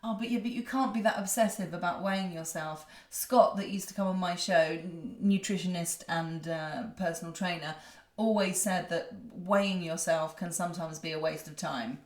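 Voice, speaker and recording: A middle-aged woman co-hosting a podcast in casual chat, talkative and quick to laugh. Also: lowish voice. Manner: chatty, laughs often. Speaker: podcast co-host. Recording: echoey room.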